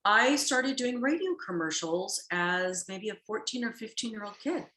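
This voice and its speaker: A woman's voice: mid-range voice, animated, moderate pace. Middle-aged woman chatting in an echoey room. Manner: warm, rambling, self-correcting storyteller who laughs easily. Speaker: actress guest. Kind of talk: casual interview chat.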